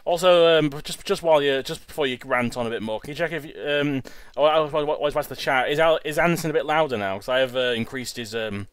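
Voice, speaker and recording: A man's voice: on the high side, quick pace, hardly any pauses, fairly bright tone, clear, resonant tone. A young man in his twenties hosting a let's-play, rambling casually and tripping over his words. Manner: chatty, rambling, stumbles and repeats words. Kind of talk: casual gameplay commentary. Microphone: home recording setup.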